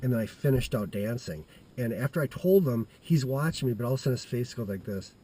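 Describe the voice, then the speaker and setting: A middle-aged man telling a childhood anecdote in a halting, rambling way, full of restarts and fillers. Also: mid-range voice, lively intonation, mellow, a little hiss or hum. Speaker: storyteller.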